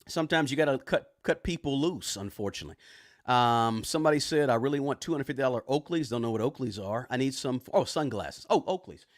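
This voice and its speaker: A man hosting a personal finance live stream, casually reading viewer comments and shouting out where they tune in from, in a relaxed, conversational way. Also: medium pitch, fairly quick, no room sound, studio quality. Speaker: personal finance livestream host. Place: home room with record player and bookshelves.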